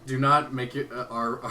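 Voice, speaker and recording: A man's voice: medium pitch, noisy background. A young man co-hosting a game stream, laid-back and rambling, laughing easily as he chats. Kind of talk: casual chat during a game stream.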